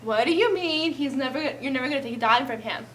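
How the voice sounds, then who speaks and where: A woman voicing a scheming young male suitor who is smooth and pushy. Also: sits high, animated, fast talker, a bit bright, recorded from a distance, slight background noise. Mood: alarmed. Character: young man, scheming fortune-hunting suitor.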